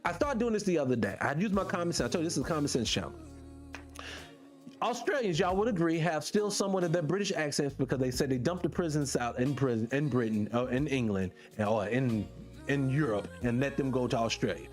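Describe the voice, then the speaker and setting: A man hosting a casual monologue for his viewers, firing off rhetorical questions and the odd swear word in an animated way. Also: mid-range voice, fairly quick, faint music behind. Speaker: podcast host.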